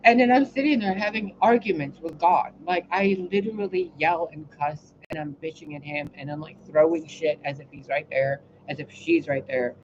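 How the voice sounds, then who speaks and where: A woman's voice: deep voice, moderate pace, hardly any pauses. Woman host, exasperated, profane rambling monologue; muffled lo-fi recording with a faint hiss. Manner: profane, exasperated, swings between loud outbursts and quiet asides. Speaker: spiritual reader and channel host.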